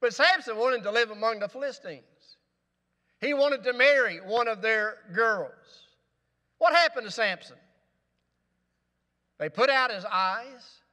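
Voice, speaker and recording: A man's voice: extremely high pitch, a little slow, pauses often, sharp tone, in a large hall. A male pastor preaching a sermon in a church, with rising emphasis and rhetorical questions. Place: church sanctuary.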